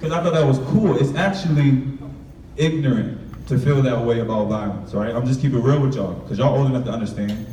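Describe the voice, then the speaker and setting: A young author with a warm, medium-pitched voice talks a little fast to students, telling a candid personal story with a street inflection and acting out the voices from his past. It's a motivational storytelling talk, heard from a distance in an echoey room with slight background noise.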